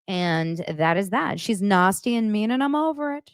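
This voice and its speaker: Animated, gossipy woman host. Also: medium pitch, normal speed, hardly any pauses, clear, resonant tone, no echo, clean studio sound. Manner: animated, gossipy, swears casually. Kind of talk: casual reality TV recap.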